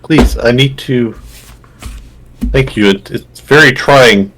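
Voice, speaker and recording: A man voicing a weary, devout male churchman who speaks politely and haltingly. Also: mid-range voice, background noise, natural voice.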